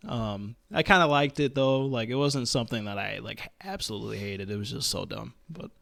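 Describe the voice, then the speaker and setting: A man's voice: mid-range voice, a little fast, vocal fry, a bit bright, no echo, clean studio sound. A man co-hosting a podcast, casually chatting about a movie, laughing and swearing easily. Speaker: podcast co-host. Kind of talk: casual film discussion.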